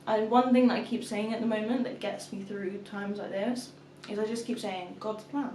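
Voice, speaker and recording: Talking loosely to camera, this vlogger and young mother of two recounts a story and mimics the way her toddler calls out. She speaks at a normal speed in a mid-range, steady, slightly mellow voice. There's a bit of background noise, with the mic placed at a distance in an echoey room.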